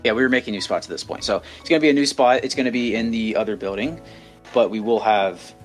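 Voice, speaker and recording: A man's voice: on the low side, fast, faint music behind. Rambling young man telling a story. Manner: rambling, many restarts and "like". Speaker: podcast co-host. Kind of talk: casual storytelling chat.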